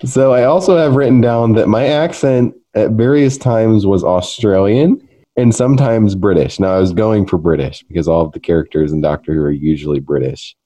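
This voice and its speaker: A man's voice: fairly low pitch, moderate pace, dark tone. A young man hosting a casual podcast, joking about himself and laughing often as he talks. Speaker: podcast host.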